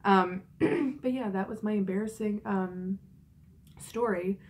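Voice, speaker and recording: A woman's voice: mid-range voice, takes it slowly. A young woman in her twenties telling a story in a casual vlog, chatty and frank, with lots of fillers and swearing. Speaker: vlogger.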